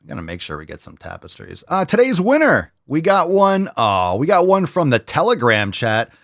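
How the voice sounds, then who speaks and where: A man's voice: fairly high pitch, wildly swooping pitch, moderate pace, vocal fry, fairly bright tone, no echo, clean studio sound. A man hosting a fitness talk show, ranting crudely and heatedly with sarcastic mimicry. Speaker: host. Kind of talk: profane ranting commentary.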